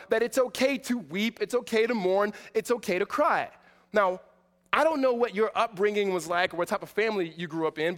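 A man in his forties delivers a sermon with a high voice. He talks in a casual, self-deprecating way, then presses his points with emphasis. A long hall reverb trails behind every phrase. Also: a bit bright. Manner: conversational and self-deprecating, building to emphatic passages. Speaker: pastor.

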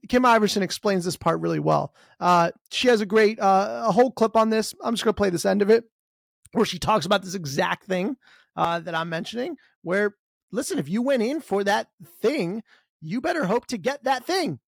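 A man's voice: high-pitched, vocal fry, dry recording, clean studio sound. A man hosting a podcast, talking casually and sarcastically. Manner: sarcastic, mocks others in put-on voices. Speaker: podcast host.

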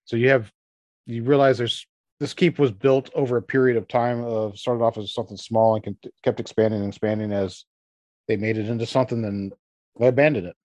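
A man's voice: mid-range voice, fairly even intonation, fairly quick, a little mellow, dry recording. A man running a tabletop game as game master, describing scenes in a loose, rambling way with lots of fillers.

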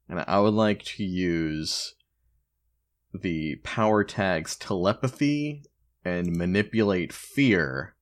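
A man playing a tabletop game with a very low voice. He thinks out loud at an unhurried pace, pausing as he describes his character's moves. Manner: slow, deliberate, hesitant planning. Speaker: player.

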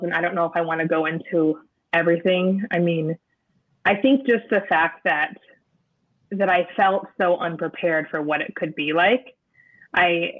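A woman, an interview guest, recounting a personal experience in a halting way, often restarting as she searches for words. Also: lowish voice. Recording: narrow phone-like sound.

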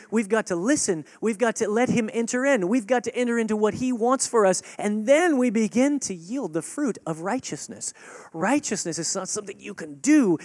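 Male pastor mid-sermon: high, very expressive voice, dry close sound, earnest, drops to a hush for effect. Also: no room sound. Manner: swings between loud urging and hushed, near-whispered stretches; earnest, direct appeals to the congregation.

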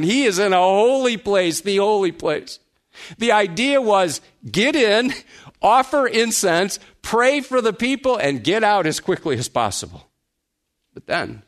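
A male pastor preaching a sermon, explaining a scripture passage and asking his listeners rhetorical questions, slowing down when he reads the verses aloud. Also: sits high, a bit bright. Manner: slows to a deliberate pace when reading scripture.

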